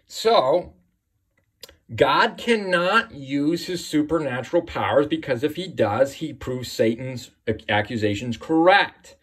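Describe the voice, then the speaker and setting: A man with a somewhat high-pitched voice expounding scripture in a loose, conversational teaching style. He drives points home emphatically and keeps checking in with the listener. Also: expressive, takes it slowly, a bit bright, husky. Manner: emphatic, repeats "right?" often. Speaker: Bible teacher. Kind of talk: informal religious teaching.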